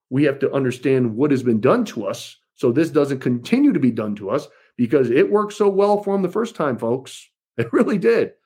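A man's voice: on the high side, a little mellow, husky. A man giving an impassioned political speech to supporters, rousing and repeatedly calling them folks. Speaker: political speaker.

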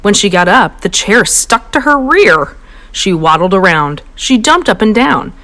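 A woman reading a children's picture book aloud in a playful storytelling voice. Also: a little slow. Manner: animated, playful, pitch jumps high for voices. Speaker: storybook reader.

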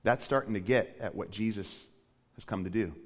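A male pastor preaching a sermon with animated storytelling, often slipping into quoted voices. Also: on the low side, moderate pace.

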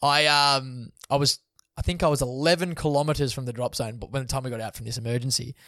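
A young man telling a story in a relaxed podcast chat, swearing often and laughing as he goes. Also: mid-range voice, fast, dry recording, clean studio sound. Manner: laid-back, swears often, laughs through stories. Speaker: guest.

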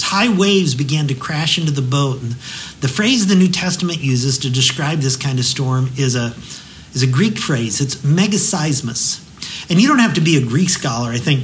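A man giving a devotional sermon as a pastor, telling the story vividly and slowing into a hushed prayer. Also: on the high side, a little hiss or hum, low-quality recording.

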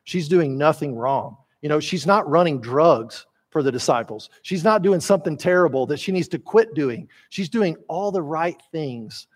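A middle-aged man preaching a sermon, telling the story lively and acting out the voices of the people in it. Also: a little high, moderate pace, hardly any pauses. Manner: animated storyteller, acts out biblical voices. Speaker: pastor.

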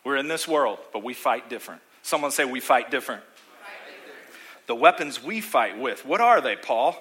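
A man's voice: mid-range voice, moderate pace. A man preaching a sermon in a church auditorium. He preaches with sarcasm, acts out voices of other people and calls on the congregation to answer back. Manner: sarcastic, animated preaching with mock voices and call-and-response. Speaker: pastor.

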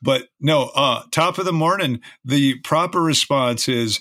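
A man co-hosts a podcast in a bright, forward voice that sounds close and dry with no room sound. He talks in a chatty, teasing way. His pitch sits in a middle range for a man. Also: a little slow, no room sound. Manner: teasing, chatty, talks through sports trivia. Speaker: podcast co-host. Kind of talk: casual podcast chat.

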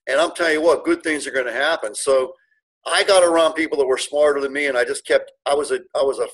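Husky, animated man telling his story. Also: mid-range voice, fast, rough recording. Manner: animated, earnest, many restarts, emotional. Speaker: guest, car dealership owner. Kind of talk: casual storytelling interview.

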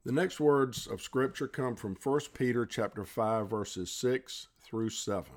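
A male pastor delivering a short sermon, reading scripture and leading a prayer in a measured way. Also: medium pitch. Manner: slow, measured reading aloud.

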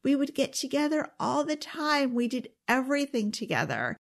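A woman's voice: high-pitched, big pitch swings, moderate pace, creaky. Earnest woman confiding to her listeners. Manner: earnest, intimate, drops to a whisper at times. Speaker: self-help speaker. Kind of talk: confiding direct-to-camera talk.

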